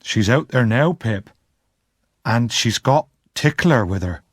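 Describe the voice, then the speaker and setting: A man voicing a big, gentle, simple blacksmith who speaks kindly. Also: mid-range voice, animated, slow, slightly rough, no echo, studio quality.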